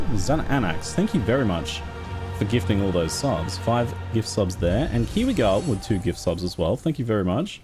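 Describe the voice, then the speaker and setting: A man casually chatting on a live stream, laughing often and thanking viewers by name. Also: lowish voice. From Australia. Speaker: game streamer.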